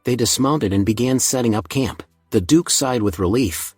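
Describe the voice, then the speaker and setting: A man's voice: mid-range voice, animated, normal speed, few pauses, slightly rough, no echo, studio quality, faint music behind. A man narrating a recap of a comic story.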